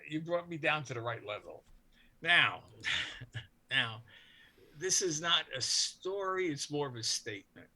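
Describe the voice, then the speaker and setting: A man on a comedy podcast, talking emphatically with halting restarts in casual banter. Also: on the high side, animated, bright, forceful tone. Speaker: podcast co-host.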